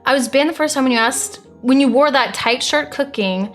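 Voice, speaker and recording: Her voice sits high over soft background music as this young American woman streamer reads out viewer messages. She sounds blunt and exasperated, swiftly denying what's said.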